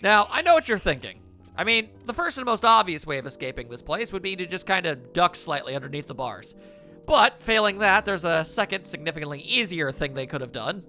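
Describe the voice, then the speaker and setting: Goofy, lively gameplay commentator. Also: male voice, high voice, a little fast, faint music behind. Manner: goofy, jokey, silly exclamations. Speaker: let's play commentator.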